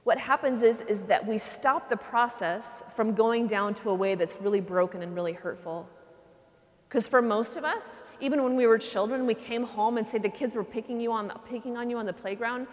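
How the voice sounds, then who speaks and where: A religious sister giving a conversational retreat talk, often checking in with "okay?" and dropping to a soft hush when she voices prayers. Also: on the high side, moderate pace. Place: large cathedral. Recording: long cathedral reverb.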